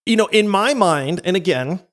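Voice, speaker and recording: A man's voice: high voice, animated, moderate pace, a bit bright. A man hosting a gaming podcast, asking long rambling self-deprecating questions. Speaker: podcast host. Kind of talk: casual podcast interview.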